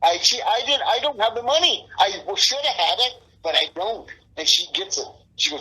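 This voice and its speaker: A man's voice: high-pitched, expressive, moderate pace, sharp tone, slightly rough, low-quality recording. A middle-aged man being interviewed, talking in a rambling, profane, frustrated way. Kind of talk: casual interview.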